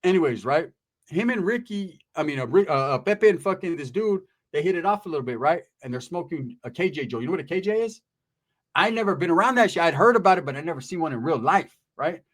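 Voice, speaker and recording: A man tells a story casually, rambling and swearing freely. His voice sits slightly high for a man, and he slips into other people's voices as he goes. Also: expressive, quick pace. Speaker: storyteller, host.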